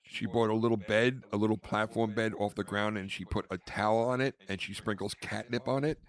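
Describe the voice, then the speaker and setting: A man's voice: on the low side, steady tone, a little fast. A man hosting a podcast, telling rambling stories in casual chat. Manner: rambling storyteller, name-dropping, acts out quotes. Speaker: podcast host.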